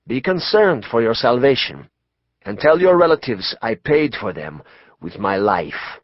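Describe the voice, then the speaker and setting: A man narrating an audiobook voices a grave male mystic prophesying doom, slow and hushed. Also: mid-range voice, very animated, no echo, dull audio. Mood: foreboding. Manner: slow, hushed, ominous delivery. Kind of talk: audiobook character voice.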